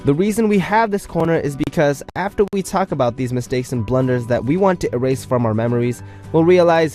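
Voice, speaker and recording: A man's voice: a little high, animated, brisk, darkish tone, soft background music. A young man hosting a radio show, reading out listener messages in a playful, chatty way and joking about himself.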